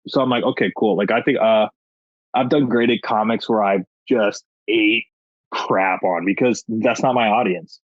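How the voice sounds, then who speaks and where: A man chatting as a podcast guest, telling animated, joking stories. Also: lowish voice, measured pace, no echo. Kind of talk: casual chat. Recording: dull lo-fi dry sound.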